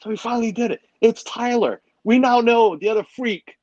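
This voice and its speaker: A man's voice: very high-pitched, a little fast, darkish tone, no echo, lo-fi sound. A middle-aged man hosting a livestream, rambling and joking as he greets his chat. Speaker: livestream host. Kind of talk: casual chat with a live audience.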